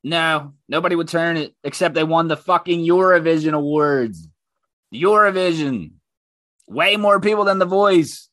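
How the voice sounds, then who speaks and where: A man's voice: on the high side, normal speed, fairly bright tone, no echo. A man hosting his own podcast and ranting about online comments, heated, profane and mocking. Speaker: podcast host.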